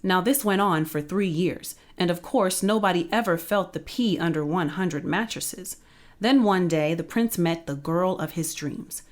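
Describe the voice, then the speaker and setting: A woman reading a children's picture book aloud in a playful, expressive storytelling voice. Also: fairly low pitch, measured pace.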